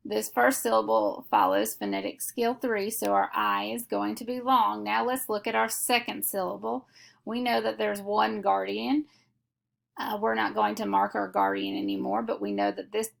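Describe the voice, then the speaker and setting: Woman with a gravelly phonics-teacher voice. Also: mid-range voice, a bit bright. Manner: slow, deliberate, methodical explanation. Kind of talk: step-by-step phonics lesson.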